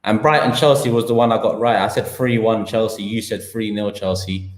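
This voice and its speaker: A man with a London accent hosts a live football stream, heated and full of slang as he builds his case. His voice is on the low side, brisk, with fairly even intonation. The room is echoey, with slight background noise.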